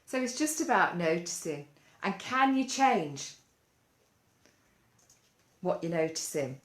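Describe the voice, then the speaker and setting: A woman leading a gentle mindfulness lesson for children, coaxing them along with lots of playful questions. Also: lowish voice, sing-song, takes it slowly. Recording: roomy echo.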